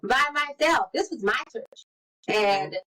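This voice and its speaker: A woman in her forties co-hosting a podcast, telling stories in lively casual chat and acting out the quotes. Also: on the high side, measured pace, low-quality recording. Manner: animated storyteller, acts out quotes. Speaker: podcast co-host.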